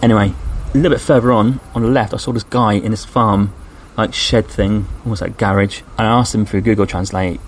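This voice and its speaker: A man's voice: lowish voice, brisk, slight background noise. An English man, a podcast host, casually recounting a day of walking on a trail and quoting the people he met. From England. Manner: chatty, animated when quoting people. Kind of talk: casual travel storytelling.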